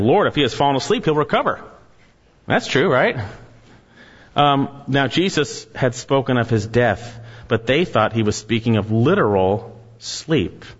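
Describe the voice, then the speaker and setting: A man preaching an earnest expository sermon as pastor, rising to animated emphasis on key points. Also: on the high side. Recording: muffled sound with long hall reverb.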